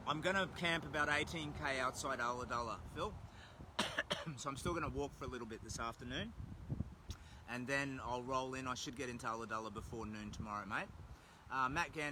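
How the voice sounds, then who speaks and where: A man's voice: mid-range voice, a little fast, pushed and bright, a little hiss or hum. An Australian man chatting casually on a livestream, reading out viewer comments while walking by a road. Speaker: livestreamer on a long charity walk. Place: outdoors by a road, windy. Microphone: phone held while walking.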